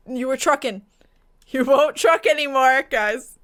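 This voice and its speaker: A woman's voice: high voice, unhurried, fairly bright tone. A young woman commenting on a game she plays, swearing and pleading at it between laughs. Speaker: game streamer. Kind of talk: let's play commentary. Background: game music.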